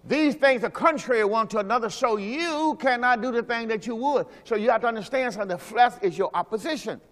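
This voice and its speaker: A man preaching a sermon as pastor. He talks emphatically, asks the congregation questions, and drops into low quiet asides. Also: a little fast. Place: church sanctuary. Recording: long hall reverb from a church service.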